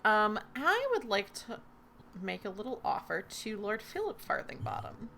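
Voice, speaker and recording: A woman's voice: medium pitch, very animated, normal speed, vocal fry, sharp tone, a little hiss or hum. A woman facilitating a tabletop role-playing game, chatty and full of fillers. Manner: chatty, many ums and likes, giggly.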